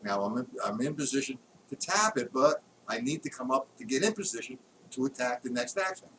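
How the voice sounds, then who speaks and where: A man's voice: mid-range voice, lively intonation, fairly quick, very noisy. A man teaching a live drum lesson, counting beats aloud as he demonstrates strokes. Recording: distant mic, loud drumming and clicks.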